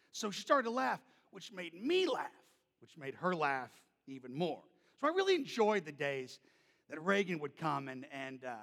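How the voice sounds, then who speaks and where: A male pastor telling a story in a sermon, loud and animated, then dropping to soft, gentle tones. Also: on the high side, gravelly, in a large hall.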